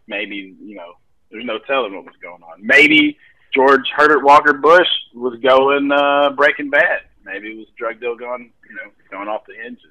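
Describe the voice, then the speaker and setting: A man co-hosting a casual comedic podcast, animated and quick to laugh. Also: mid-range voice. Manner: animated, laughing, jumps into loud mock voices. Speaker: podcast co-host. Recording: dull lo-fi sound.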